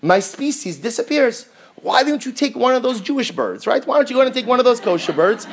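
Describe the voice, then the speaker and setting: A man's voice: very high voice, big pitch swings, a little fast, slight background noise, pitched above the performer's own voice, exaggerated voice. A man voicing a worried male raven in a retold story, pleading and questioning why he must be the one sent.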